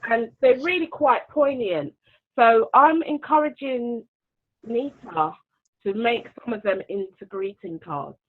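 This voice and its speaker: A woman's voice: a little high, expressive, unhurried. Brief: bubbly woman host, laughs easily, tinny phone-like sound over a video call. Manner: bubbly, laughing, reads out comments. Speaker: host of a book launch. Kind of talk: live-stream interview hosting.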